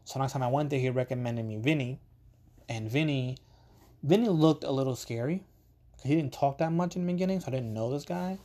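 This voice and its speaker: A man tells a long, meandering story on his podcast, his voice dark and mellow at an ordinary middle pitch. He talks casually, drifting through asides and fillers and dropping the occasional curse. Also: fairly quick. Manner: rambling and conversational, swears casually, many ums and asides. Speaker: podcast host.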